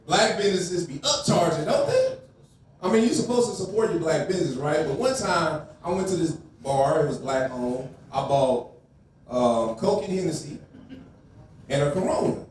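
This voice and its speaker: A man's voice: fairly high pitch, expressive, normal speed, a little mellow, a little hiss or hum. A man doing a crude, crowd-baiting stand-up set on a comedy club stage. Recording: echoey room, from a distance.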